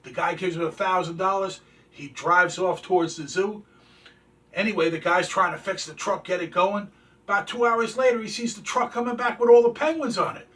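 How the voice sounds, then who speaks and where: A man's voice: sits high, normal speed, sharp tone. Folksy male host telling jokes. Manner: folksy, chatty storytelling. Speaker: show host. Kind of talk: telling jokes and showing collectibles. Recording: distant from the mic.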